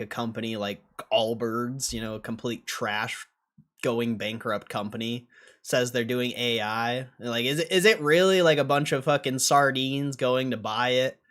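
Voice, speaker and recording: A young man talks on his livestream in a loose, offhand way, swearing as he reacts. He drifts between low mumbles and sudden loud outbursts. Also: moderate pace. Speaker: stock streamer. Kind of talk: casual livestream commentary.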